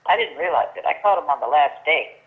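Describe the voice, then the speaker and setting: A woman's voice: low-pitched, lively intonation, quick pace. An older woman, a guest, telling a long story in casual chat and acting out the dialogue she quotes, with frequent restarts. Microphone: telephone. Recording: tinny phone line.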